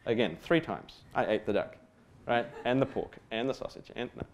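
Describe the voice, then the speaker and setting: A man's voice: medium pitch, normal speed, slight background noise. A man from Australia telling a humorous personal story in a talk, rambling with fillers, self-deprecating asides and casual swearing. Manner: rambling with many fillers and restarts. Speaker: speaker giving a stage talk.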